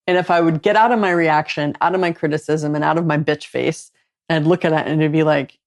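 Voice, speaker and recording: Woman podcast host, low voice, candid confessional storyteller. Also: quick pace, darkish tone. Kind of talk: casual conversation.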